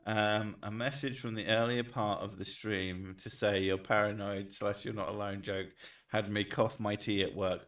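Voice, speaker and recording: A man's voice: on the low side, little pitch movement, normal speed, fairly bright tone, distant mic. A man streaming and chatting casually, joking, swearing and reading chat messages aloud.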